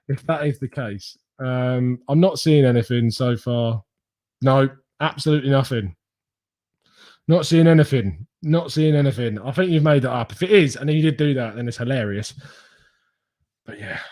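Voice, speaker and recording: Young male host, casual stream chat, laughs a lot, voice sits a touch high. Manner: chatty, laughs often, reads comments aloud. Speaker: fan channel host reading live chat.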